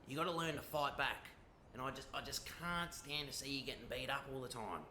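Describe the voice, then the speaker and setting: A man's voice: medium pitch, brisk, slight background noise. A man playing a brash, sweary Aussie mentor. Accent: Australian. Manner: swaggering, sweary, shouty pep talks. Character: brash, foul-mouthed male mentor who loves to fight. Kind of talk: roleplay in a video game.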